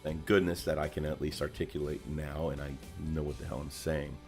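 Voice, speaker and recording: A man's voice: a bass voice, level tone, brisk, a little mellow, faint music behind. A man co-hosting a casual livestream chat, talking in a rambling way with many restarts and fillers. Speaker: co-host.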